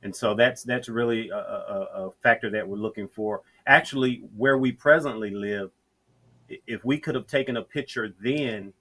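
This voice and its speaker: Interview guest: middle-aged southern man, bright tone, laid-back storytelling pace. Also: on the low side. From Georgia, US. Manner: unhurried storyteller with frequent restarts. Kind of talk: casual interview chat.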